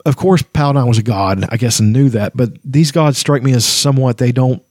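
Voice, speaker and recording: A man's voice: mid-range voice, brisk, darkish tone, no room sound. A man casually talking about a book between read-aloud passages, rambling and hesitant with many "you knows". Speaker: book reader and reviewer.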